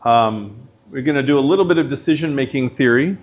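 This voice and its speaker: A middle-aged male professor gives a course lecture at a medium pitch. He talks in a loose, chatty way and fills his sentences with "like" and "you know." He turns points into stories and keeps an animated pace. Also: brisk. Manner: casual storytelling, animated, uses filler words. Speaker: visiting professor.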